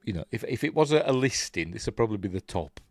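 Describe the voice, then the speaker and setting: A man's voice: fairly low pitch, very animated, fast, no echo, studio quality. An older man from Yorkshire with a Yorkshire accent, hosting a rambling, chuckling casual live-stream chat and reading out viewer comments. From Yorkshire, England. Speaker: host.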